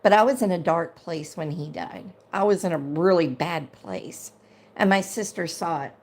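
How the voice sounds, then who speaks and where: A middle-aged woman hosts and moderates a casual livestream chat at normal speed, her voice fairly low and a little mellow. She sounds chatty and indignant, repeating herself when worked up.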